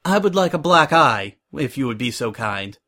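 A man's voice: medium pitch, big pitch swings, moderate pace, pushed and bright. Male reader playing a worn-out, refined mare boss, polite and tired. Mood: weary polite. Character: weary refined female pony fashion boss.

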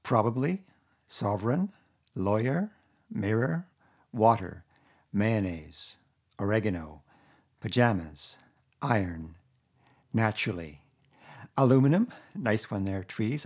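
A man talking casually in a vlog, answering questions and slowly reading out a word list with a wry, relaxed manner. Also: lowish voice. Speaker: vlogger. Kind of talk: casual accent-tag monologue.

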